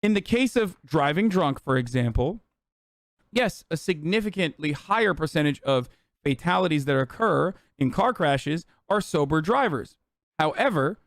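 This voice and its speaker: A male streamer talks in casual livestream commentary. His voice sits fairly high and dry, and he swears freely with a sarcastic, animated edge. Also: no room sound.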